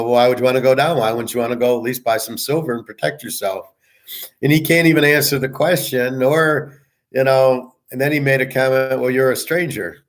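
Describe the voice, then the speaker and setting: Blunt profane man ranting. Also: on the low side. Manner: profane, blunt, repeats himself. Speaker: sports betting show host. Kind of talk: ranting monologue.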